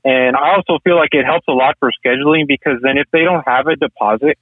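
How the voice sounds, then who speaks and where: A man who runs a landscaping business, a podcast guest talking in an earnest, steady way. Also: medium pitch, brisk, dry recording. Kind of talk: casual interview chat. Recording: tinny phone-line call.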